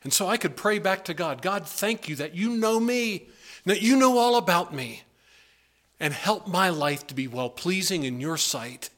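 A man preaching in a church with a bright, forceful voice that sits a little high for a man. He asks earnest, pleading questions and swings between soft, low urging and bursts of emphasis. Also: animated, moderate pace. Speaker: pastor. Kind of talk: sermon. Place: church sanctuary.

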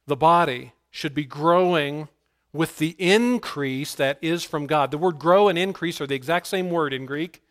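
A man preaching a sermon as pastor, emphatic, moving between quiet asides and raised declarations. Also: on the high side.

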